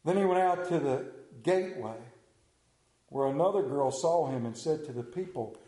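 A middle-aged man with a rural Southern American accent preaching a sermon, telling stories in a folksy, animated way with sudden quiet drops. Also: on the high side, a little slow, reverberant.

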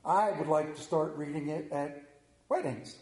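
A middle-aged man preaching a sermon to his congregation, telling stories in an animated way and putting questions to the room. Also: fairly high pitch, a little slow. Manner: animated storytelling, acts out voices, asks the congregation questions. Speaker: pastor. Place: church. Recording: echoey church room.

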